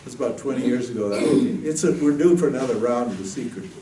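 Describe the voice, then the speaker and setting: A man giving a spiritual talk, telling a story in a lively, jokey way. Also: mid-range voice, fast, slight background noise. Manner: lively, jokey storyteller who laughs at his own jokes. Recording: roomy, distant mic, faint ambience.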